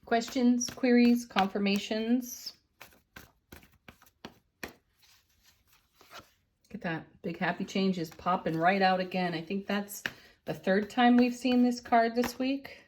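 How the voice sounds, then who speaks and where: A middle-aged woman giving a daily tarot card reading, unhurried and gentle, often laughing softly. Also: medium pitch, a little hiss or hum. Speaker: tarot reader and channel host.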